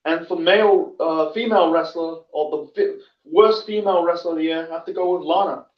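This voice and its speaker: A man hosting his own wrestling show in a casual solo talk, halting and full of fillers and restarts. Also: on the high side. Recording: distant, echoey, dull lo-fi audio.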